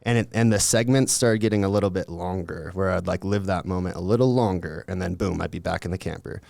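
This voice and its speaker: A man's voice: low voice, fast talker, gravelly, a little mellow, no echo. A young man telling a story in a laid-back, rambling way, with lots of filler words and swearing. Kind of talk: casual storytelling.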